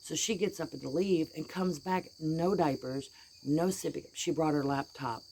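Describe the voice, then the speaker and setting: Middle-aged woman, low voice, blunt and heated, faint crickets behind. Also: moderate pace, vocal fry, darkish tone, a little hiss or hum. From United States. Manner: blunt, heated, folksy storytelling. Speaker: vlogger. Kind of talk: casual venting vlog.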